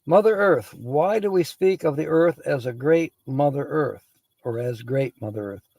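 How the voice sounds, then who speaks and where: Man, livestream host, raspy gravelly voice, mellow tone, chatty, laughs a lot. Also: on the high side, animated, unhurried, no echo, low-quality recording. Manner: chatty, laughs often, greets viewers by name. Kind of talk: casual chat, reading word origins aloud.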